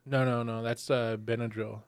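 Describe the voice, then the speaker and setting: A man's voice: medium pitch, little pitch movement, normal speed, clean tone, no echo. A young man co-hosting a podcast, telling stories casually with many fillers and acted-out quotes. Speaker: podcast co-host. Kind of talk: casual chat.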